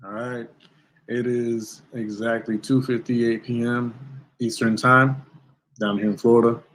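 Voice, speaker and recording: A man's voice: medium pitch, a little hiss or hum, rough recording. A man hosting a livestream interview, thanking and blessing his viewers effusively. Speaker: host. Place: home setup in Florida.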